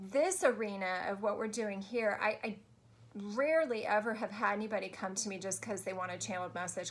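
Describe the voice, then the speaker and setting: A woman coach talks to her viewers on a live stream, chatty and gushing as she goes. Her voice sits mid-range and has a gravelly, fry-edged texture. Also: medium pitch, fairly bright tone. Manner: chatty and gushing, many restarts. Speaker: spiritual life coach.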